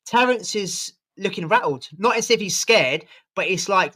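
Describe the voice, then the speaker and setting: A man's voice: high-pitched, animated, normal speed, pushed and bright. A man co-hosting a casual sports podcast, giving blunt opinions and swearing casually. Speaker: podcast co-host.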